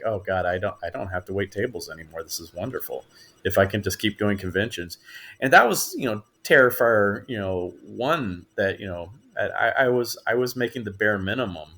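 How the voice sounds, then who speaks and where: A man, an actor guest on a podcast, telling stories in casual chat and acting out the voices of the people in them. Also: on the low side. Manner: animated storyteller acting out quoted voices.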